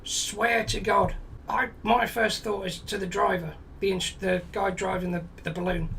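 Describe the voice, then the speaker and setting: A man's voice: high voice, little pitch movement, normal speed, a bit bright, distant mic, slight background noise, poor audio. A man in his forties telling a blunt, sweary comic anecdote, exasperated and full of quoted dialogue. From England. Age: 40s. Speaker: comedy storyteller. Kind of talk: comic storytelling monologue.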